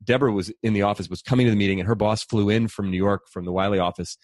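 Middle-aged male author, fast and animated storyteller, lowish voice, dry close sound. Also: no room sound. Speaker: author and speaker. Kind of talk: conversational storytelling.

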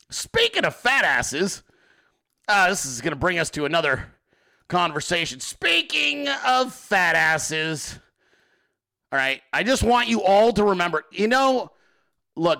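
A male host giving profane comedic political commentary, animated and often laughing. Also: high voice, moderate pace, gravelly.

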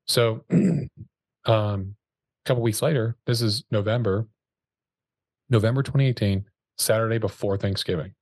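Low-voiced man telling a casual story. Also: measured pace, pauses often, slightly rough, dry recording. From Dallas area, Texas. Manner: relaxed slangy storyteller, many fillers and restarts. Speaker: insurance sales agent telling his story.

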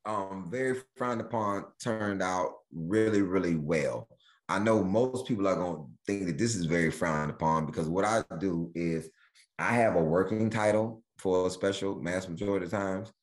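A man, a guest comedian, telling stories in casual chat, animated and riffing. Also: low voice, normal speed. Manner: animated, riffing, jumps into bits.

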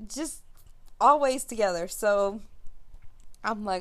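A woman's voice: mid-range voice, measured pace, clean tone. A young woman host casually telling a funny teenage story, acting out the people in it and laughing along. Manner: animated, acts out quotes, laughs while telling. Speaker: podcast host.

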